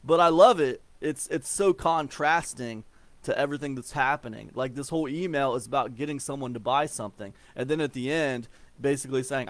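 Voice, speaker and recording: In a fairly quick, mid-range voice, an Ohio man in his forties chats about email marketing, drifting along with plenty of fillers, repeated words, and false starts. Nothing of the room can be heard in the recording.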